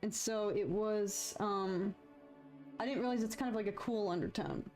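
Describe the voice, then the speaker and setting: A young adult woman chatting casually on a live stream as she paints, expressive and talkative, swinging between frustration and giddy relief. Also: mid-range voice, normal speed, soft background music.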